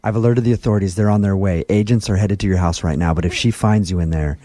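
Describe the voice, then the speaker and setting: A man's voice: sits low, steady tone, fast, mellow, no room sound, clean studio sound. A man hosting a radio show, making a prank phone call with urgent, mock-serious warnings. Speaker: radio host.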